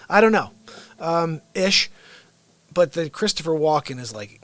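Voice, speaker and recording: A man hosting his own unscripted livestream, chatting casually in an excitable, rambling way with frequent restarts. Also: high-pitched, slow pace, dry recording. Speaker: livestream host and impressionist.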